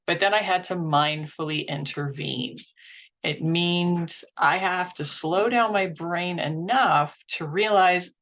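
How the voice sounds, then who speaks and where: A woman's voice: on the low side, slow pace, a bit bright. A woman presenting a workshop in an earnest, instructional way, acting out inner thoughts as she teaches.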